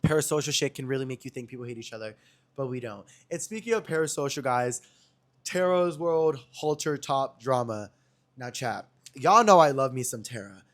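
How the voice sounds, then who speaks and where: A man's voice: medium pitch, moderate pace. A young man hosting a podcast who tells gossip stories in a chatty, slangy way and keeps addressing his viewers directly. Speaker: podcast host. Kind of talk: casual gossip storytelling.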